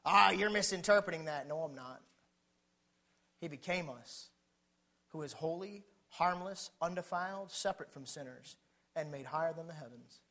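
A man preaches a fervent sermon, firing questions at his listeners and shifting between hushed, low stretches and shouted ones. He moves at a moderate pace, leaving long pauses.

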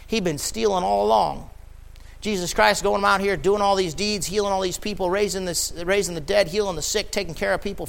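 A man preaching a sermon, building from quiet explanation to impassioned, near-shouted emphasis. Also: high voice, creaky.

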